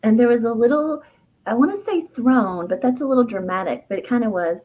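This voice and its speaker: A middle-aged woman, an herbalist and author, telling a personal story in an interview, reflective and heartfelt, with fillers and soft laughs. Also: on the high side, fairly quick, narrow, tinny audio.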